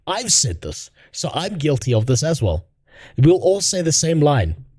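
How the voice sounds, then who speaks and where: A man's voice: on the high side, huge pitch swings, a little slow, a little mellow, no echo, studio quality. A man streaming a reaction video, chatting in a blunt, profane and sarcastic way with his viewers. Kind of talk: casual livestream reaction chat.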